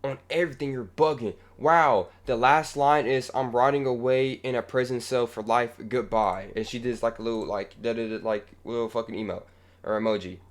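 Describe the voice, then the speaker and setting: A man's voice: medium pitch, fairly even intonation, fast talker, darkish tone. Profane young man ranting casually. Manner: rambling, profane, swings from mumbling to heated ranting. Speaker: music channel creator. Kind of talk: casual reaction vlog.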